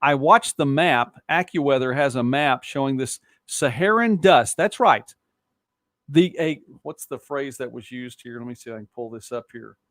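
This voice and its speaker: A man with a softened Southern US accent, hosting a casual live-stream talk show from a home studio and chatting loosely with viewers. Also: medium pitch, lively intonation, moderate pace, no echo. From born in Texas. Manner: chatty, rambling, reacts to viewer comments. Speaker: host.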